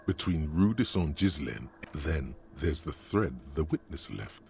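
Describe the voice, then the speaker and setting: A man voicing the grave, measured narrator of a detective video game, with a deep gravelly voice. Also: sing-song, darkish tone, a little hiss or hum, exaggerated voice. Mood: somber.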